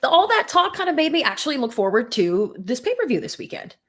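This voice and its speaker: A woman's voice: sits high, big pitch swings, fast, fairly bright tone. A woman co-hosting a live podcast who chats casually, laughs easily and asks many questions. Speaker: podcast co-host. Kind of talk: casual live news chat.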